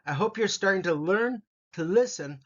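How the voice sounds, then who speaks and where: A man teaching English vocabulary, saying each word slowly and repeating it for learners to copy. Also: high-pitched, lively intonation, fairly bright tone, muffled recording. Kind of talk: vocabulary pronunciation lesson.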